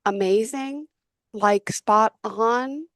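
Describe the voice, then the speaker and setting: A woman's voice: a little high, fairly bright tone, no room sound. A woman podcast host on a video call, speaking openly and emotionally about her feelings. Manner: emotional, open, quick to share feelings. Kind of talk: interview conversation.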